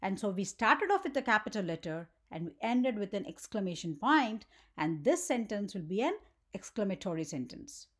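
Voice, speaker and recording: A woman's voice: medium pitch, sing-song, moderate pace. A woman teaching a grammar lesson for children, often checking in with "right?" and asking the viewer questions.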